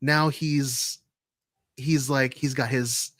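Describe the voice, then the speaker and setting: A man co-hosting a podcast, chatting excitedly with lots of "like" and "you know". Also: medium pitch, slow, no room sound, clean studio sound. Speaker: podcast co-host. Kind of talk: casual chat.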